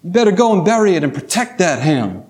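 Know-it-all cat in a sermon story, slow lecturing manner, high and light, as a male preacher puts it on. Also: sing-song, a little mellow. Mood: urgent.

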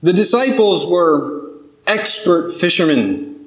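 A man's voice: high voice, lively intonation, takes it slowly. A man preaching a sermon, earnest and building to pleading intensity. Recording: echoey room.

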